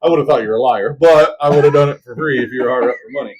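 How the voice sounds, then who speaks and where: A podcast co-host delivers a long, casual story at rapid-fire speed in a mid-range voice. He's an animated narrator, putting on voices for the people he quotes.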